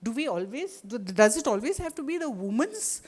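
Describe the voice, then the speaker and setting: A woman's voice: a little high, very animated, moderate pace, darkish tone, slightly rough. A middle-aged Indian woman with an Indian English accent, giving a talk to a live audience and wandering through restarts and asides. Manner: discursive, with many restarts and asides. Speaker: guest speaker.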